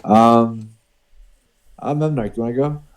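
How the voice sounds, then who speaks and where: A man's voice: medium pitch, unhurried. A man with a New England accent hosting a casual panel chat, hesitant and full of fillers as he calls on others for picks. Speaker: podcast host.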